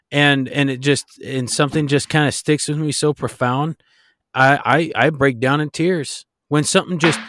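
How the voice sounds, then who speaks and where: A man's voice: on the high side, a bit bright, dry recording, studio quality. A man co-hosting a faith-based podcast, talking in an earnest, exhorting way with frequent restarts. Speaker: podcast co-host.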